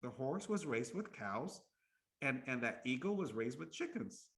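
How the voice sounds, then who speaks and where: A man voicing a wise, experienced adult male minister who calmly explains with emphasis. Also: medium pitch, measured pace. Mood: explaining.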